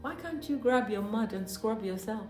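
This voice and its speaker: Nigerian-born woman telling a lively story. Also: on the high side, normal speed. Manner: animated, laughs often, mock-outraged asides. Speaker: host. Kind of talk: personal storytelling monologue. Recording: echoey room with faint music.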